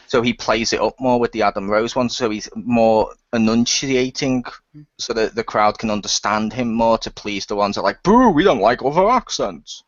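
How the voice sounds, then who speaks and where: A man's voice: lowish voice, steady tone, normal speed, no echo. Dry, sarcastic man on a podcast. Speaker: podcast guest panelist. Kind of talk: casual podcast chat. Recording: dull lo-fi dry sound.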